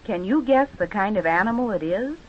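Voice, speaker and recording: A woman teacher leading children through movement and speech exercises with slow, patient, drawn-out instructions. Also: mid-range voice, expressive. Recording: dull lo-fi recording.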